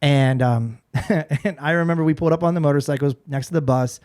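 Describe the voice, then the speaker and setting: A man in his forties, a podcast guest and former radio personality, telling a story in a casual, animated way with frequent restarts. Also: on the high side, a little fast.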